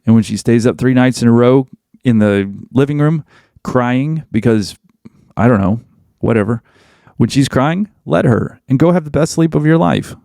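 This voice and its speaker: A man's voice: medium pitch, gravelly, warm tone, no echo, studio quality. A man hosting a podcast, delivering a blunt, emphatic monologue that hammers points home through repetition. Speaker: podcast host.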